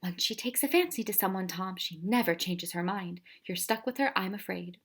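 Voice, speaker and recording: A woman voicing a kindly older male professor who speaks in a grave, breathy half-whisper. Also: medium pitch, lively intonation, normal speed. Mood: grave hushed.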